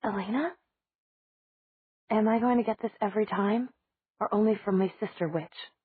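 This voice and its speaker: Teasing young heroine, smug and breathy, read by a woman, over a dry, tinny line. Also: mid-range voice, normal speed, no room sound, pitched above the performer's own voice, lightly acted. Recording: dry, tinny phone-like audio.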